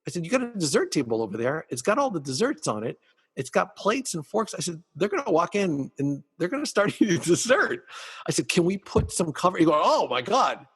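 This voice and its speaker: Husky male podcast host, animated storyteller, slightly raised pitch, reverberant room. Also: a little fast. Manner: animated storyteller acting out dialogue. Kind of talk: casual storytelling chat.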